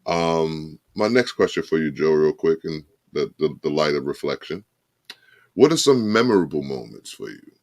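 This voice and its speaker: Man, extremely low voice, dry close sound, reflective podcast co-host, repeats himself. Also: very animated, normal speed, darkish tone, dry recording. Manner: reflective, somber, repeats phrases. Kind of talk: casual podcast chat.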